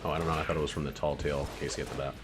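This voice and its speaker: A man's voice: extremely low pitch, level tone, rapid-fire, loud music behind the voice. A man hosting a casual let's play, chatting and joking playfully between laughs. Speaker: gaming channel host.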